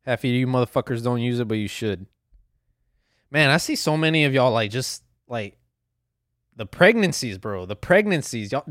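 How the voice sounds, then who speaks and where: A man's voice: medium pitch, a bit bright, no echo, clean studio sound. A young man hosting his own podcast solo, ranting casually in a profane, rambling way and laughing at himself. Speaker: podcast host.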